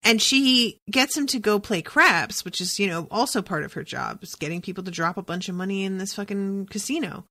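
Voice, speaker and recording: A woman's voice: mid-range voice, brisk, few pauses, pushed and bright. A woman hosting a podcast, recapping a TV episode in casual, profane chat and thinking aloud with lots of "like"s.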